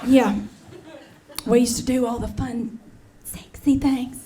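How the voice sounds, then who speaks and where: Her voice is slightly high and fairly level, her delivery slow, with noise behind her. She's a brassy, gabby woman in her forties performing stand-up on stage, calling the audience honey and y'all while the live crowd laughs.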